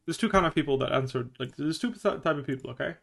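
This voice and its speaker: A man with a rough, gravelly voice coaching a player through a game review at a quick clip. He is blunt, curses often and acts out little scenes to make his point. His tone stays casual and direct. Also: a little high, animated, fairly bright tone.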